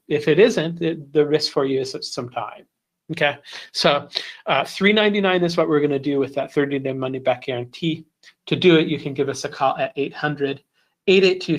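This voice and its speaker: A man speaks in a mid-pitched, everyday voice, presenting trading software in a live webinar. His delivery is loose and conversational, full of fillers and restarts as he walks through the screen. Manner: casual, chatty, with many fillers and restarts. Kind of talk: live webinar product demo.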